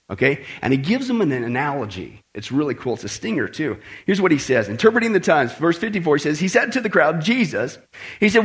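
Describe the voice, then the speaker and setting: A man's voice: on the high side, sing-song, brisk, a bit bright. A man preaching a sermon, speaking emphatically and checking in with his listeners often. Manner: emphatic, talks straight to the congregation with frequent "right?" and "folks". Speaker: pastor.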